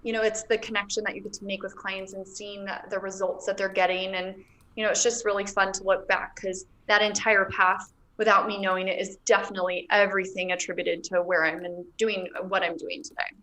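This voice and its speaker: A woman's voice: mid-range voice, little pitch movement, brisk, pushed and bright. A woman in her thirties, a guest business coach in a casual interview, talking with feeling and near tears. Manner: emotional, close to tears while telling her story.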